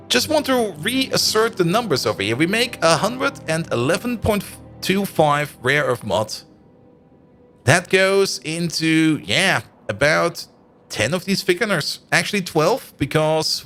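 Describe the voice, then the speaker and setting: A man's voice: on the high side, fairly bright tone. A man streaming a game live, chatting and thinking aloud as he plays and laughing often. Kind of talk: live stream commentary while playing.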